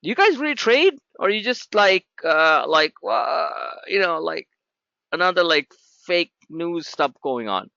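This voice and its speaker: A man's voice: fairly high pitch, big pitch swings, a little slow, creaky, bright, forceful tone, dry recording, highs cut off. A man teaching a live trading class in a blunt, sarcastic, scolding way. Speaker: trading educator.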